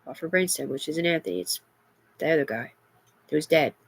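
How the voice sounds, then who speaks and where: A woman's voice: low-pitched, animated, a little fast. Agitated, profane middle-aged woman. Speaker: livestreamer. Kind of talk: rambling livestream monologue.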